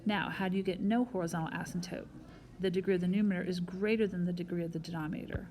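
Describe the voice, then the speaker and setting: A woman's voice: lowish voice, steady tone, very fast, a little mellow, a little hiss or hum. A woman math teacher recording a whiteboard lesson, explaining each step patiently and talking straight to her students.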